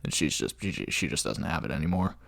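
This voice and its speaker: A man's voice: extremely low pitch, expressive, fairly quick, creaky, fairly bright tone, no echo, studio quality. A man co-hosting a podcast, chatting casually and enthusiastically about a favorite film. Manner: enthusiastic, quotes movie lines with light laughter. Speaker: podcast co-host.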